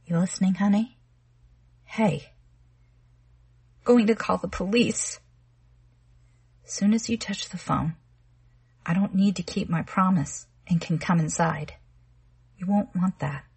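A woman's voice: medium pitch, slow pace, vocal fry, pauses often, a little mellow, slightly rough, heavily acted. A woman reading the part of a menacing young man who sweet-talks and threatens a girl, in a sleepy, coaxing voice. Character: menacing smooth-talking young man, a stalker.

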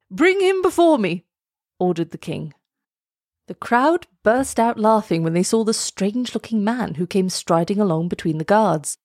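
A woman reads a storybook aloud, measured and expressive, slowing down to build tension. Her voice sits at a middle pitch, and the sound is close and dry. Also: no echo.

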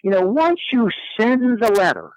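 A man telling a personal story as a guest, in a lively, animated way. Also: sits high, normal speed, dry recording, low-quality recording. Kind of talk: storytelling in a conversation.

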